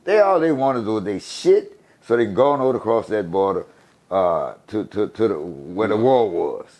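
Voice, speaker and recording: An older man from the USA telling stories in a casual interview, animated and profane, laughing as he talks. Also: on the low side, moderate pace. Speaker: guest storyteller.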